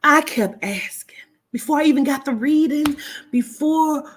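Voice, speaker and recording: A woman's voice: sits high, measured pace. A woman who gives spiritual readings tells a personal story casually and bluntly, swearing often. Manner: blunt, swearing, acts out quoted voices. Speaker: spiritual reader.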